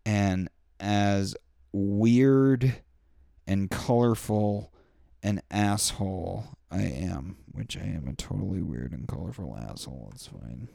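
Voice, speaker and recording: A man's voice: low voice, expressive, slow pace, vocal fry, mellow, no echo, studio quality. A young man hosting a podcast, talking in a rambling, profane and heartfelt solo rant full of fillers. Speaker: podcast host. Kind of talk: candid solo podcast monologue.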